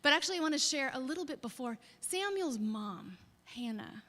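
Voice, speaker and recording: A woman pastor giving a sermon, retelling scripture stories in a storytelling manner, her phrase endings often falling away softly. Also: high-pitched, expressive, normal speed. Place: church sanctuary. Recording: long reverb of a church sanctuary.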